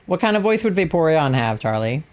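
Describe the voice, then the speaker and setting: A woman's voice: sits low, sing-song, fairly quick, darkish tone. A young adult woman chatting casually on a live stream, rambling and filling her talk with "like". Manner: rambling, full of "like" fillers. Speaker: livestreamer.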